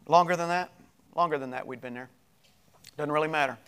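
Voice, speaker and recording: A middle-aged male pastor telling a personal story in a sermon, animated and moving between loud passages and hushed ones. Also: a little high, a little fast, clean tone.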